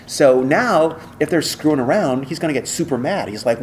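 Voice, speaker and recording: Man, voice actor guest, casual interview, animated storytelling, lots of "like" and "um", faint background hiss. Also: fairly high pitch, normal speed. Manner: animated storyteller, lots of fillers and acted quotes.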